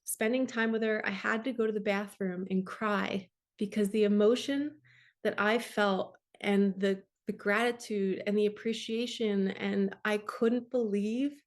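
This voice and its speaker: A woman's voice: medium pitch, steady tone, a little slow. A woman in her forties, a spiritual coach, talking earnestly and emotionally about her own experience to camera. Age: 40s. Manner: earnest and emotional, tearful in places. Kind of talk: personal testimony to camera.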